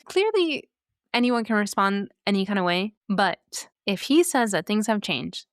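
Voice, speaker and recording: A woman's voice: medium pitch, normal speed, faint music behind. A woman hosting a podcast, talking casually and sarcastically with rhetorical asides. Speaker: podcast host. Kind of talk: casual commentary.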